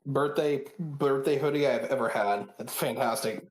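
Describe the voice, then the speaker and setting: A man's voice: mid-range voice, normal speed, a loud crowd, poor audio. A man in his thirties calling into a livestream talk show, talking bluntly and with strong opinions. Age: 30s. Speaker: call-in guest. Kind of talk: casual chat.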